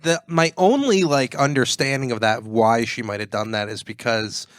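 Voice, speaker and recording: A man co-hosting a comedy podcast in casual chat, throwing in quick deadpan quips and wordplay. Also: medium pitch, smooth. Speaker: podcast co-host.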